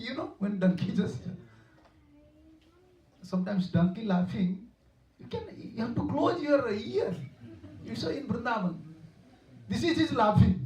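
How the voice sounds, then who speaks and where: This devotional lecture comes from a spiritual teacher whose voice sits high and a little mellow. He's an earnest storyteller who repeats himself and chuckles, picked up by a distant room mic in a hall.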